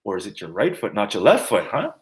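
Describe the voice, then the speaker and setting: Animated man teaching martial arts terms. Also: lowish voice, quick pace. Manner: animated, jokey, sings and mimics to teach words. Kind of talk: teaching terminology with playful mnemonics.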